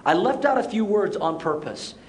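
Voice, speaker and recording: A middle-aged man preaching to his congregation in a church auditorium, with a notably high voice. He tells stories lively, voices the people in them, and slows to a deliberate pace for emphasis. A faint room ambience sits under the recording. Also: slight background noise. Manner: storytelling, acts out quotes, shifts to slow emphatic lines. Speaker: pastor. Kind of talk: sermon with personal story.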